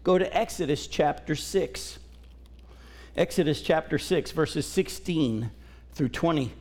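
Middle-aged male pastor, folksy sermon, slightly high voice, church sanctuary. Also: slow, a little mellow. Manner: folksy, conversational Bible teaching. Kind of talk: sermon with scripture reading.

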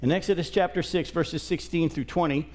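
Middle-aged man preaching a folksy, conversational Bible sermon in a church, voice sitting a touch high. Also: fairly even intonation, a little fast. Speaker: pastor. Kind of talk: sermon with scripture reading. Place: church sanctuary.

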